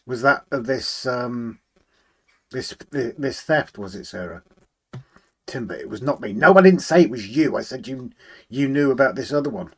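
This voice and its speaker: A man hosting a relaxed live stream, chatting, greeting viewers by name and humming to himself as he works on a model railway. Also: mid-range voice, moderate pace, slightly rough. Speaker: livestream host. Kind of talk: casual live chat, reading out viewer comments.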